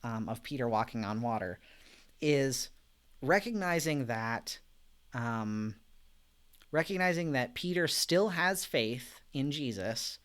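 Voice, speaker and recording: In a medium-pitched voice, a man leads a casual, live-streamed Bible study. He reads viewer comments, reflects gently, and fills his talk with frequent fillers and soft laughs.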